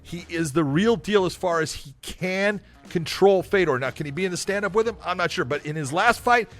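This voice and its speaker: A man's voice: high voice, a little fast, fairly bright tone, soft background music. A man co-hosting a casual sports podcast, giving blunt, emphatic opinions. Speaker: podcast co-host.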